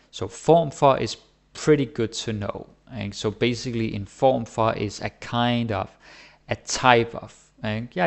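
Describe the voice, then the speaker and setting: A man talks through a language lesson in an easygoing, conversational way. His voice sits a bit low and has a gravelly, creaky edge. He keeps checking in with his listeners as he goes. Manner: relaxed, chatty, often asks "right?". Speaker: Danish language teacher. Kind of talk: casual explanatory lesson.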